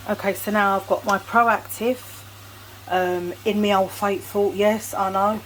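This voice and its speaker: With a mid-range voice, flat delivery and a slightly slow pace, a woman vlogs her home cooking, chatting casually through each step and laughing at herself. She's recording in her home kitchen amid clattering dishes and cutlery.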